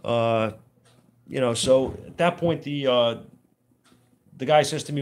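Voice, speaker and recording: A man who runs an auto repair shop tells a story to the camera in a loose, rambling way. His talk is plainspoken and full of trade slang, with now and then a mild curse. His voice sits in an ordinary middle pitch. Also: measured pace, long pauses. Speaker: auto mechanic and shop owner.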